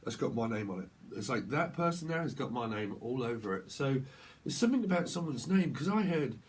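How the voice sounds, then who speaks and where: A man's voice: medium pitch, very animated, brisk, a little hiss or hum. A man reading tarot in a casual vlog, rambling and repeating words as he goes, while he has a cold. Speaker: tarot reader.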